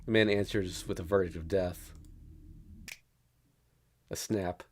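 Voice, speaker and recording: A man's voice: low-pitched, fairly even intonation, slow, a little mellow. A man streaming a read-aloud of a visual novel, narrating steadily with small stumbles and laughs.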